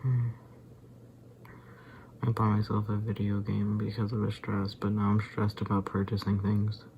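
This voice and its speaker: A man's voice: on the low side, monotone, a little slow, a little hiss or hum. A weary man vlogging in a rambling casual monologue, sighing and sometimes dropping to a whisper. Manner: tired, drifts into soft whispers and sighs.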